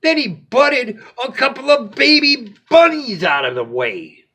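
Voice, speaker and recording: A man hosting a bedtime story show, reading a children's story in a playful, animated way. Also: very high voice, unhurried, slightly rough.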